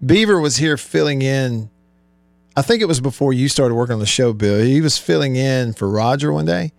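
A man's voice: medium pitch, expressive, normal speed, gravelly, no room sound. A man hosting a sports radio show, chatting easily and laughing often. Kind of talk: casual radio talk. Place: radio studio. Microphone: studio microphone.

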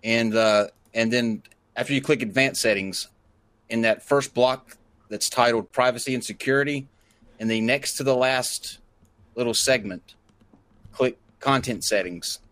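A man's voice: mid-range voice, unhurried, a bit bright. A man hosting a live online show, giving step-by-step instructions and joking along the way. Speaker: host.

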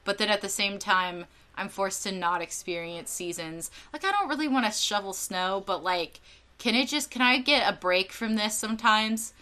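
A woman's voice: medium pitch, moderate pace. A young woman from Northern California, co-hosting a podcast and telling a comic everyday story with dramatic, swearing asides. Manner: animated, dramatic, swears and laughs often. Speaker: podcast co-host. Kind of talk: casual storytelling chat.

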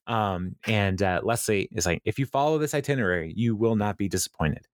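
Retelling the episode's scenes in a loose, rambling way, this podcast co-host quotes characters and fills his talk with fillers. His lowish voice is expressive and fairly quick, with few pauses, in studio-quality sound without room noise.

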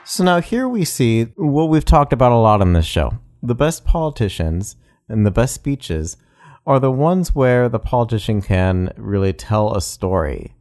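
A man's voice: medium pitch, very animated, normal speed, a little mellow. A man co-hosting a podcast, casually explaining how a politician tells a story. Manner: explanatory, with fillers. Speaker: podcast co-host. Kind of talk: casual analytical chat.

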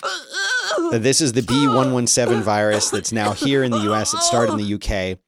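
A man's voice: mid-range voice, sing-song, normal speed, a loud crowd. A middle-aged man hosting a show, chatting casually about the news and breaking into exasperated rants as he reads articles aloud. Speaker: podcast host.

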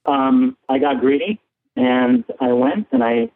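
A man from San Diego calling in to a show, halting, with many ums and nervous laughs. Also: fairly high pitch, very animated, creaky. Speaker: caller. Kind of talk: casual call-in chat. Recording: phone line.

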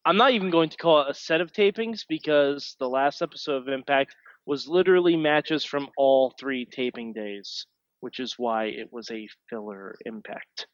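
A man's voice: mid-range voice, normal speed, no room sound, lo-fi sound. A man co-hosting a wrestling podcast, explaining things in a laid-back, matter-of-fact way. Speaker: podcast co-host. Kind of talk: casual podcast chat.

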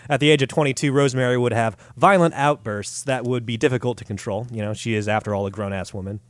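A man's voice: medium pitch, quick pace, no echo. A man hosting a podcast, telling a story in a crude, sarcastic, profane way. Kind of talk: casual comedic storytelling.

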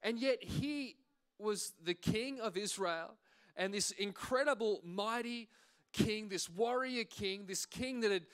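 A male pastor preaches in a high, bright voice that rings clear. He tells his story with humor, acting out the little asides as he goes. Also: slow pace. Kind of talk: sermon.

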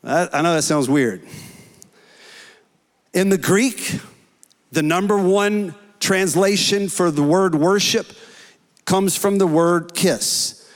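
Earnest preacher in a reverberant hall. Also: male voice, sits high, slow, pauses often. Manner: earnest preaching, rising to shouts in prayer. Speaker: pastor. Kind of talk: sermon. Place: church hall.

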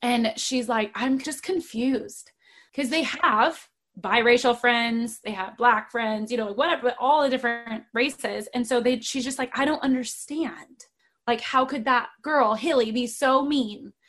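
Chatty, slightly high-voiced woman host. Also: a little slow, a bit bright. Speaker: podcast host. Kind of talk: casual conversation.

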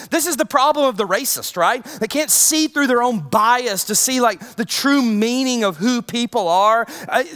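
A preacher delivering a sermon in a conversational way, with asides and retold scripture. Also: mid-range voice. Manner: conversational, animated, with many asides.

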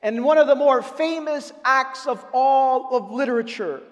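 A man preaching a sermon as a pastor, telling a story with lively quoted voices and explaining scripture to his congregation. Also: extremely high pitch, unhurried. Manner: animated, dramatic retelling with quoted voices. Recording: long reverb of a large hall.

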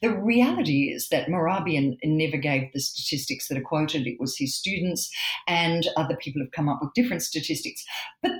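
A woman speaks as an expert guest, her low voice swinging widely in pitch as she explains with emphasis. She demonstrates examples as she talks. The room around her is roomy and echoey. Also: animated, brisk. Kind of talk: explanatory interview talk.

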